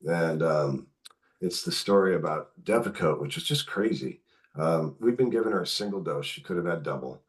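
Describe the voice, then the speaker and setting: A deep-voiced man, an author and caregiver appearing as a podcast guest, tells a family story in conversational style. His retelling is candid and animated, with quoted dialogue woven in.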